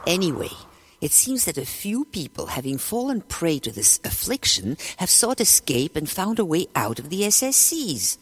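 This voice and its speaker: A woman giving measured, detached scripted narration. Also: fairly low pitch, big pitch swings, breathy edge.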